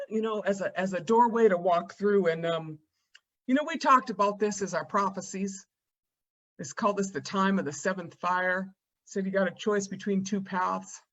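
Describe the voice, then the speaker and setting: Woman on a zoom panel talking from home, kinda muffled audio, chatty and wry, lots of "you know". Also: medium pitch. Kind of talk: conversational panel talk. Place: her rural home.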